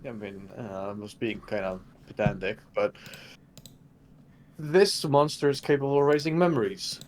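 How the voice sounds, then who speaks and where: A man's voice: fairly low pitch, moderate pace, darkish tone. Man player, stuttery and jokey, faint hiss behind. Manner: stuttering restarts, joking. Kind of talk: casual role-play chat.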